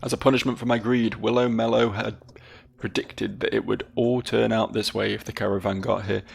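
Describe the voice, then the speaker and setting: British man doing a mournful stage-singer woman, gravelly, low-pitched read. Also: level tone, brisk. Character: theatrical woman, a fallen caravan singer.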